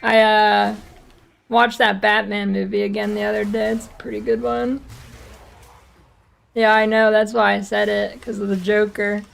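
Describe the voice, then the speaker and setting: Gravelly-voiced woman streamer teasing chat. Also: medium pitch, level tone, moderate pace. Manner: joking, teasing chat banter. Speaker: game streamer.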